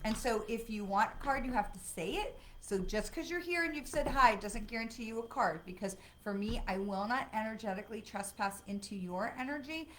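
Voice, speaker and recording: A woman hosting a live card-reading stream, chatty and excitable, with lots of fillers, talking from home. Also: on the high side, a little fast, few pauses, slight background noise, poor audio. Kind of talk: casual livestream talk. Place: home, dog nearby.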